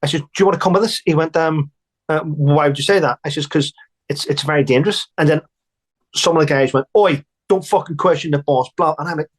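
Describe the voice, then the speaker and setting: A man's voice: on the high side, steady tone, a little fast, breathy edge. A man, an army veteran, recounting war stories bluntly and emphatically, swearing and restarting.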